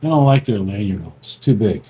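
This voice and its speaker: Talking fast in a lowish voice, another male podcast co-host tells animated stories full of profanity and laughs during casual banter. A little hiss or hum sits under the recording.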